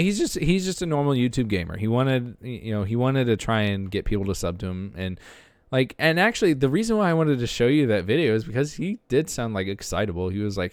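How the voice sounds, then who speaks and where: A man's voice: lowish voice, smooth, dry recording. A man hosting a podcast, talking casually and rambling with lots of fillers and restarts while browsing videos. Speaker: podcast host.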